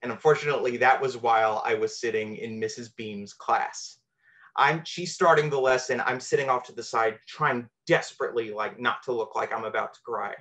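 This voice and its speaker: Guy telling an honest, slightly self-mocking story from high school. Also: normal speed, fairly bright tone. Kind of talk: live personal storytelling.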